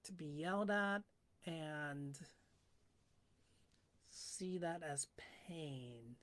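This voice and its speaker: A woman speaks in an unhurried, reflective monologue, as if working out her thoughts live for her viewers. Her voice sits low for a woman, and she often lets it fall to a soft whisper. The delivery stays calm and slow throughout. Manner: slow, musing, drifts into whispers. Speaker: livestreamer.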